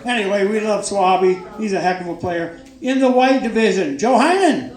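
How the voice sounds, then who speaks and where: An older man gives a casual banquet speech presenting awards, joking in a folksy manner and emphatically praising each winner. His voice sits high with lively intonation at a moderate pace, and the hall echoes with crowd noise.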